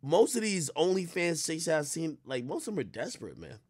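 A man's voice: a little high, big pitch swings, fairly quick, a little mellow, no echo. Man, casual reaction commentary, blunt, profane, rambling, dry close sound.

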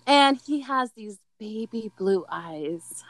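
A young woman telling a story in casual chat, animated, swearing and mocking herself. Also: fairly high pitch, slow, a crowd in the background, low-quality recording.

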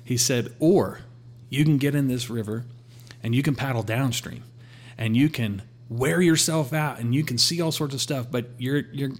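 A man sharing a personal faith testimony in a relaxed conversational way, acting out his talks with God. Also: medium pitch, moderate pace. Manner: storytelling, quotes God in a calm voice.

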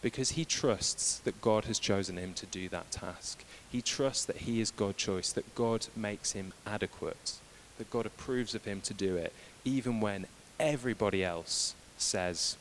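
A man preaching a sermon who retells scripture as lively, casual dialogue. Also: on the low side, a little slow, few pauses, slight background noise.

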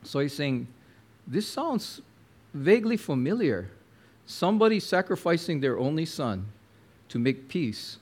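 A man preaching a sermon, telling a story with lively acted-out quotes and talking to the listener directly. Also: a little high, a little slow. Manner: animated storyteller, acts out quotes, addresses listener as my friend.

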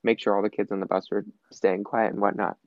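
A man's voice: quick pace, dry recording. A young man, a podcast guest, telling school stories in casual chat and acting out the quotes. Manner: animated, acts out quotes with big pitch jumps. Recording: dull lo-fi sound, dry.

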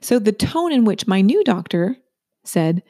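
Chatty gravelly-voiced woman telling a story. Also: medium pitch, big pitch swings, normal speed, dark tone, no room sound, studio quality. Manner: chatty, asks "right?" often. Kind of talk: personal storytelling monologue.

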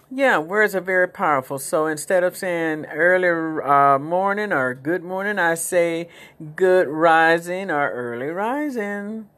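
A woman hosting her own podcast, talking in a rambling, chatty way with religious phrasing. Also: low voice. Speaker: podcast host. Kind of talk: casual inspirational podcast monologue.

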